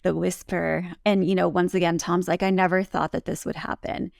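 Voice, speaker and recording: A woman co-hosting a casual TV recap, chatting and quoting scenes in lively bursts. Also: on the low side, normal speed, vocal fry, no room sound, clean studio sound. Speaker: recap co-host.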